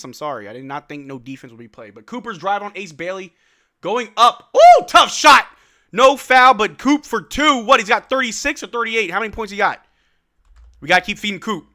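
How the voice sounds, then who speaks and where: A young man calling a basketball game for his stream viewers as a fan, quick to shout and laugh at big plays. His voice is bright and forceful, and it leaps around in pitch. It sits a little above the usual register for a man. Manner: excitable, shouts and laughs at big plays, trash-talks players. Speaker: live stream watch-along host. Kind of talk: fan play-by-play commentary.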